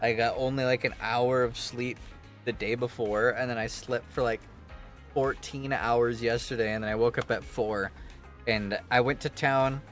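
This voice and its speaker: A man's voice: medium pitch, steady tone, normal speed, a bit bright, faint music behind. A man streaming a game, tired and sleepy, rambling in casual chat and swearing freely. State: sleepy and worn out.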